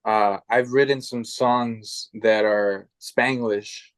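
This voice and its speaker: A man hosting a podcast interview, talking in a relaxed, hesitant way with slang. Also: fairly low pitch, slow, clear, resonant tone, no room sound. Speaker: podcast host. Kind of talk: casual interview chat.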